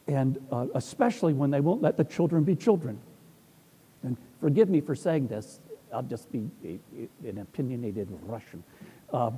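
A middle-aged man with a fairly high, husky and mellow voice tells wandering, humorous stories about church life as an Orthodox priest. His talk is loose and anecdotal. A long reverb rings around him, as in a large hall. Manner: rambling, humorous storytelling.

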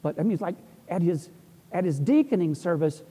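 Man, middle-aged, Orthodox priest, casual rambling anecdotes, dry humor, husky tone, long hall echo. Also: high voice, animated, a little fast, warm tone.

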